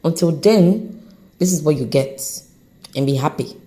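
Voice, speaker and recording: Animated woman giving a pep-talk podcast. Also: deep voice, a little slow. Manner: animated, encouraging, speaks off the cuff; says her accent shifts as she talks. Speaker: podcast host. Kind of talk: unscripted motivational podcast talk.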